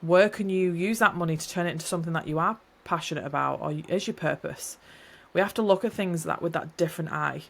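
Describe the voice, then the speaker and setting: A woman with a slightly low voice talks through her thoughts on a solo podcast. She rambles warmly and encourages the listener, restarting sentences as she goes. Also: fast, vocal fry, few pauses. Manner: rambling, encouraging, self-correcting. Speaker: podcast host. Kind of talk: reflective solo podcast talk.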